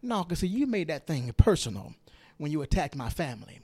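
A man hosting a podcast, delivering an opinionated political monologue. He is emphatic and repeats phrases for stress, swinging between loud and hushed. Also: fairly high pitch, big pitch swings, fairly quick. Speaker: podcast host.

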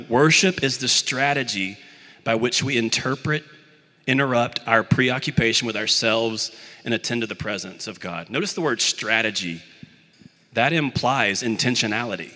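A man's voice: medium pitch, normal speed, bright, forceful tone, big-room sound. A young man from the Birmingham, Alabama area preaching a sermon in a conversational, self-deprecating way.

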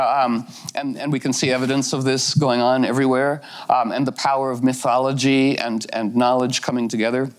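A man's voice: medium pitch, poor audio. A man giving a meandering, playful astrology talk, full of "you know" fillers and laughing asides. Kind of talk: rambling spoken talk.

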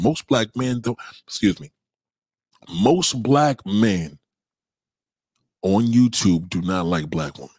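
A man's voice: lowish voice, a little mellow, slightly rough, no room sound. A man hosting a livestream, reading chat and ranting in a profane, heated, emphatic way. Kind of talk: casual livestream rant.

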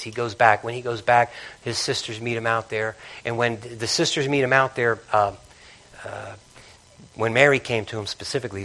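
Man preaching, sermon, loud urgent bursts, drops to hushed reflection, repeats himself, hallelujahs. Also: low-quality recording. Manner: swings between loud urgent bursts and low quiet reflection; repeats and restarts phrases, calls out hallelujah and amen. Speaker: pastor.

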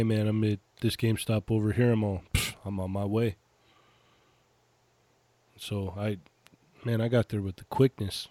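Male co-host, low-pitched, relaxed storyteller, dry close sound. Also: no room sound. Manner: laid-back, laughing, storytelling. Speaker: podcast co-host. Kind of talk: casual chat about toy collecting.

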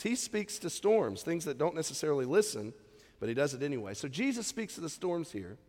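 A man preaching a sermon as pastor, conversational, full of rhetorical questions to the congregation. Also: a little high. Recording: long hall reverb.

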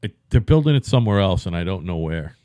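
A man's voice: deep voice, animated, fast, warm tone, no echo. A man in his fifties with a Boston accent, swearing freely in blunt casual banter. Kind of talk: casual chat.

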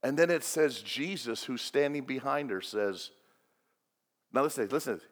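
A man preaching a sermon as pastor, swinging between loud and hushed delivery. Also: medium pitch, animated, measured pace. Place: church sanctuary. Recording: long reverb of a large hall.

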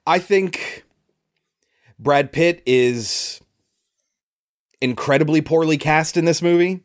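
A man's voice: fairly high pitch, takes it slowly. A man co-hosting a podcast, chatting casually and bluntly about a movie. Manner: opinionated, blunt. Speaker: podcast co-host. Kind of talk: casual movie review chat.

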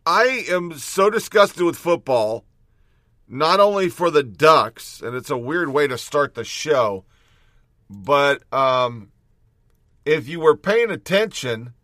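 A man's voice: a little high, sharp tone, no echo, studio quality. A man in his thirties hosting a show with blunt, casual commentary and frequent filler words. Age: 30s. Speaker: show host.

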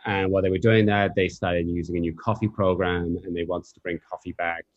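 A man's voice: low-pitched, steady tone, fairly quick, no room sound, dull audio. A man talking as a guest in a podcast interview, thoughtful and reflective, with loose phrasing and fillers. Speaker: coffee professional guest. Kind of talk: casual interview chat.

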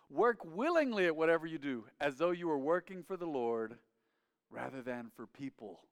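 A man preaching a sermon as a pastor, with emphatic, repetitive phrasing. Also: a little high. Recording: long hall reverb.

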